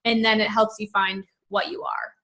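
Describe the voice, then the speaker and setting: A woman's voice: medium pitch, level tone, normal speed, fairly bright tone. A woman host in casual interview chat, talking in a chatty way with lots of filler words.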